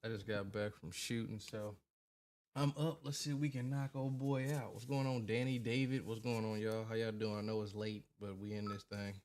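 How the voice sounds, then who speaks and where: A man's voice: on the low side, fairly even intonation, normal speed, darkish tone. A young man hosting a casual late-night gaming livestream, greeting viewers by name in a laid-back, colloquial way. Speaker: gaming streamer.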